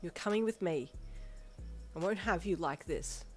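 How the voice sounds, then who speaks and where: A hurt but determined young woman speaks up forcefully and emphatically, as a woman reads her. Her lines rise above the reader's usual pitch. Soft music hums faintly behind this fanfiction audio reading. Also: measured pace, natural voice. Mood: urgent. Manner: urgent, raised, emphatic speech.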